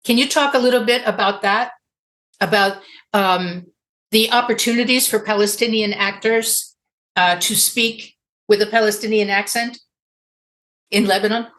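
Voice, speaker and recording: A woman's voice: medium pitch, steady tone, normal speed, pauses often, a bit bright. A woman moderating a panel discussion, asking her guests questions with fillers as she goes.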